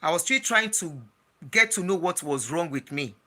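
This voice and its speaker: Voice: mid-range voice, lively intonation, normal speed, sharp tone. An adult with a Nigerian accent telling a personal story in a casual vlog, chatty and slipping into Pidgin, with frequent restarts. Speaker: travel and lifestyle vlogger.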